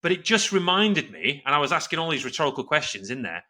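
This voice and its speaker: A man's voice: a little high, very animated, fast, bright, forceful tone. A man in his forties co-hosting a podcast, chatting casually and rambling with many restarts. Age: 40s. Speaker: podcast co-host. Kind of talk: casual chat.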